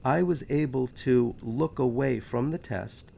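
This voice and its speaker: A man's voice: mid-range voice, a little slow, vocal fry, warm tone, slight background noise. A man with a New York accent, hosting his history channel in a chatty, joking monologue full of self-aware asides. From New York City. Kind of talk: casual rambling monologue.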